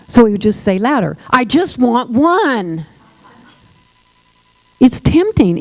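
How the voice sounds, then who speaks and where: A woman leads a workshop on dementia care and talks straight to her audience with lively emphasis. Her voice is warm and mellow. The sound is close and dry. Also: medium pitch, no room sound, rough recording. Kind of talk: workshop talk to a live audience.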